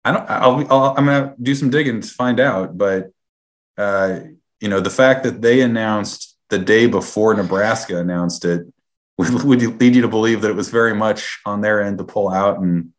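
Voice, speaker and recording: Young guy with a lowish voice, laid back sports podcast talk. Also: moderate pace. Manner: easygoing, hedging with fillers. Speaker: podcast co-host. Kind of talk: casual sports chat.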